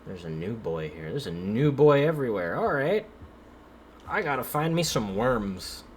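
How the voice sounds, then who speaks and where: A man's voice: fairly low pitch, expressive, moderate pace, a little hiss or hum. A man casually commenting while he plays a video game on a stream, wry and sardonic, swearing freely.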